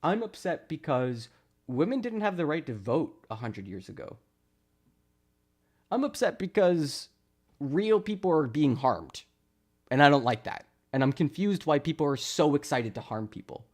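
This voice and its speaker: A man's voice: on the high side, sing-song, moderate pace. Sarcastic man ranting on a stream. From Canada. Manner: sarcastic, mocking, laughing, putting on voices to mimic chat. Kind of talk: casual live-stream rant.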